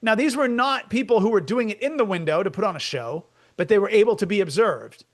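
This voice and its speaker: A man co-hosting as a comedian, talking in a rambling, joking, animated way in casual chat. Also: high-pitched, a little fast. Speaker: comedian co-host.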